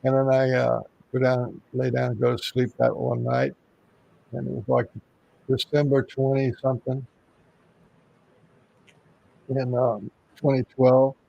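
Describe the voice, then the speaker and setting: A man's voice: mid-range voice, unhurried, vocal fry, pauses often, dark tone, highs cut off. A man from Texas, a guest on an interview show, telling a long story in a casual, rambling way with many restarts. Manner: rambling, with frequent restarts and fillers.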